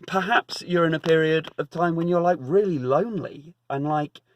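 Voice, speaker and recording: A man's voice: a little high, normal speed, slight background noise. A man giving a casual, emphatic spiritual talk, conversational with many repeats and fillers.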